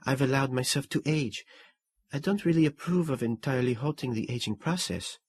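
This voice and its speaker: A man reading a shy, gentle woman who is meeting her ex-husband, in a soft, raised voice in an audiobook. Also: mid-range voice, fairly quick, breathy edge, voice pushed up, lightly acted.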